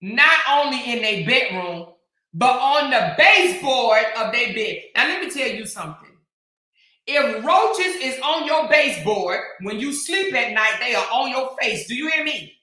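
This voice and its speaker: A woman's voice: a little high, expressive. Taunting woman ranting in an echoey room. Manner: taunting, scolding, drawn-out emphatic delivery, bursts of shouting. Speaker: commentary channel host. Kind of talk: heated commentary rant.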